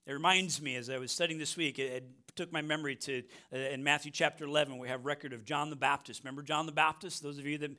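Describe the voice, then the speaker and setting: Middle-aged American male pastor, bright and a touch high, emphatic sermon style. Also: fairly even intonation, fast, hardly any pauses. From United States. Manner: emphatic, repeats phrases, frequent "right?".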